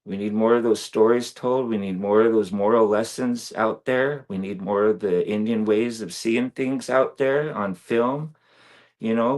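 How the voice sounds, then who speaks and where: A man talking earnestly and reflectively as a guest on a video-call interview, with many fillers. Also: fairly low pitch. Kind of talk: casual interview talk.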